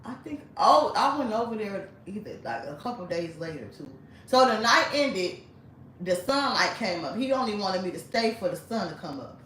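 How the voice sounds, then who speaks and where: A woman's voice: medium pitch, very animated, normal speed, a bit bright, slight background noise. Blunt woman in an echoey room. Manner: blunt, chatty, frequent swearing and laughter. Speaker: vlogger. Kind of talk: casual storytelling. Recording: echoey room, mic at a distance.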